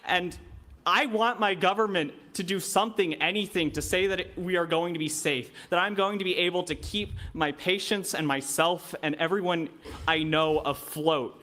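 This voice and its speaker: A man's voice: high-pitched, moderate pace, pushed and bright. A man who provides care to patients, making a distraught, pleading statement at a public meeting. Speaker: healthcare provider speaking at public comment.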